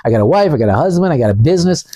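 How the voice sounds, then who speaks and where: A man's voice: on the high side, expressive, very fast, dark tone. A man giving a blunt, off-the-cuff motivational talk, repeating himself in a combative way. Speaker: channel host.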